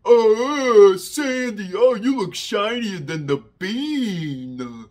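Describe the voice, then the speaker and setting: A man putting on a lovestruck young greaser, drawing out loud exclamations. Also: high voice, lively intonation, extremely slow, pitched above the performer's own voice, heavily acted. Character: loud Chicago greaser boy, lovestruck and drawling.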